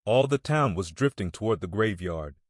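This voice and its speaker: Brief: male audiobook narrator, lowish voice, measured and steady, dry close sound. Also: no room sound. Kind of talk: scripted narration.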